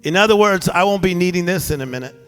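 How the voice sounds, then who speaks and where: Middle-aged male pastor, high voice, fiery call-and-response preaching, reverberant hall with band underneath. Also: lively intonation, fast, a bit bright, clear, resonant tone. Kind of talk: sermon. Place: church with live band and congregation. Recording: long church reverb, music behind. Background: band music.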